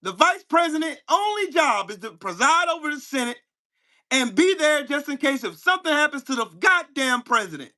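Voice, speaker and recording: A man hosting his own channel, delivering a heated, profane political rant at a commenter, firing rhetorical questions and bursting into shouts. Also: very high voice, sing-song, moderate pace. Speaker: channel host. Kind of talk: angry political rant to camera.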